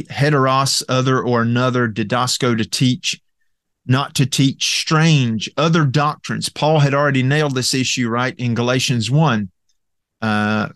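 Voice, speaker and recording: A man's voice: medium pitch, a bit bright, no echo, studio quality. A man teaching a Bible lesson from slides, methodical, with many fillers and restarts, explaining Greek word roots. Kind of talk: recorded Bible lecture with slides.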